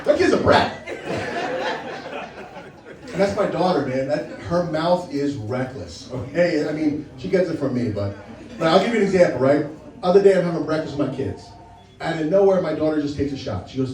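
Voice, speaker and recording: A man with a high voice delivers stand-up in short, punchy beats, teasing and checking in with "right?". The sound is roomy and echoey, and the mic is a bit far from him. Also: animated, moderate pace, darkish tone. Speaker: stand-up comedian. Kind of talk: stand-up set.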